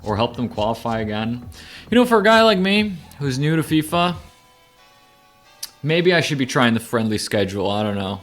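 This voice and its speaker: Rambling, excitable male game streamer. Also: medium pitch, normal speed, soft background music. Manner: rambling, laid-back, bursts into excited shouts. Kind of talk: casual live gameplay commentary.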